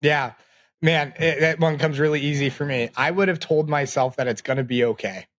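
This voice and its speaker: Twenty-something guy on a podcast, thinks out loud, lots of fillers, dry close sound. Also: on the high side, dry recording. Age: 20s. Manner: reflective, halting with many fillers. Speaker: podcast guest. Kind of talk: casual interview talk.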